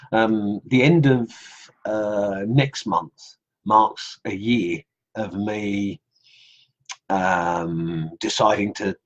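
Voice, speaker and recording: Deep husky man with Aussie-English accent. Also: dull audio. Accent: Australian with English traces. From England. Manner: rambling, many ums, reads comments aloud. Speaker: online group host. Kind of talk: casual live stream chat. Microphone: computer mic on live stream.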